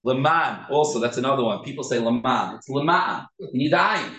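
Man, mid pitch, earnest teacher, drills pronunciation word by word; roomy echo. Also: animated, bright, forceful tone. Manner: earnest, repeats words slowly to correct them. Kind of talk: informal class talk. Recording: echoey room.

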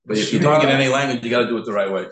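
A man's voice: mid-range voice, rapid-fire, echoey room, over a noisy crowd, low-quality recording. A man teaching a Torah class to a group, earnest, often repeating and restarting his words as he stresses how to pronounce them.

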